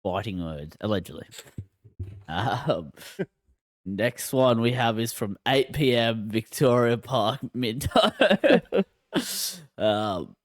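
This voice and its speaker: A man's voice: mid-range voice, animated, slow, long pauses, dry recording, clean studio sound. A man hosting a podcast in casual chat, laughing often. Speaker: podcast host.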